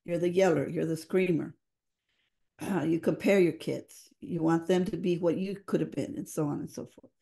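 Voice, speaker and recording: A woman who leads a family engagement program is a guest on a podcast, telling earnest, emotional stories and slipping into Spanish phrases. Her voice is lowish, gravelly, and warm, with fairly even intonation at a normal speed.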